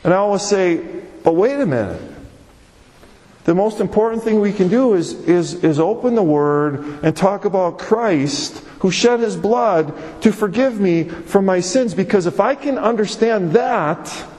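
A man's voice: high-pitched, unhurried, hardly any pauses, darkish tone, long reverb tail, low-quality recording. A male pastor preaching a sermon, emphatic, with repeated phrases and rhetorical questions.

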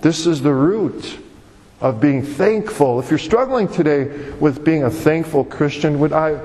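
Preacher guy slightly high voice, repeats lines for emphasis, big church echo. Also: measured pace, darkish tone. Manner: emphatic, repetitive preaching cadence. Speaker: pastor. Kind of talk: sermon. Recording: long hall reverb.

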